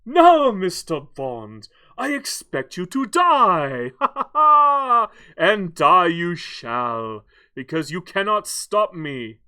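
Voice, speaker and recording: Gloating supervillain put on by a man, slow menacing drawl, loud and theatrical. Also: on the high side, sing-song, full character voice. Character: gloating male movie supervillain.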